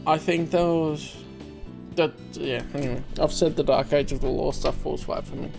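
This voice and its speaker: A man's voice: on the high side, steady tone, moderate pace, vocal fry, over music. A man hosting a game playthrough, chatting casually and rambling as he trails off and restarts. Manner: rambling, self-interrupting. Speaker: let's play host.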